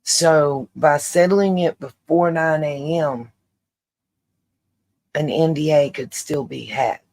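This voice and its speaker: Her deep voice is a little mellow and slow-paced as she hosts her own channel. Addressing viewers directly with opinion commentary, she stresses her views emphatically and repeats them for weight.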